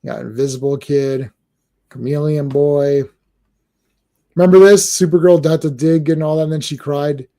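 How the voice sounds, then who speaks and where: A man chatting casually as a comics podcast host, talking in a mellow voice that sits a bit high. He rambles and restarts sentences, stumbling over repeated words. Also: fairly even intonation, normal speed. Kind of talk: casual chat while reading comics live.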